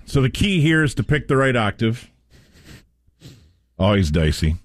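A male radio co-host who croons a parody song slowly and announces bits like a showman. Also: mid-range voice, big pitch swings, noisy background. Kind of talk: comedic song parody and banter.

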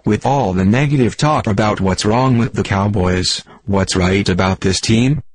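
A synthetic male text-to-speech voice playing a stiff, deadpan sports computer that reads jokes in stilted, formal phrasing for a radio comedy bit. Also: fairly low pitch, moderate pace, no room sound, close to an everyday voice.

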